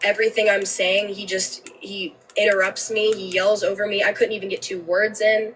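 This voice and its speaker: A woman's voice: mid-range voice, little pitch movement, normal speed, a bit bright, recorded from a distance, slight background noise, poor audio. A woman telling a personal story on a livestream, emotional and candid, swearing freely and often restarting her sentences.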